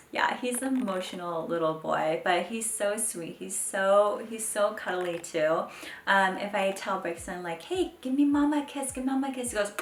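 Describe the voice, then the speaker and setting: A young woman chatting casually to camera as a mom vlogger, full of "like" and "um", with pitch jumping up when she mimics her kids. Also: a bit bright. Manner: chatty, fills speech with "like" and "um". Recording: echoey home room, faint background noise.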